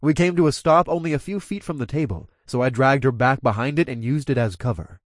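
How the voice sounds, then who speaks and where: Man, story narrator, first-person reading, growls his own lines, middle pitch, dry close mic. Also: fairly quick, no echo.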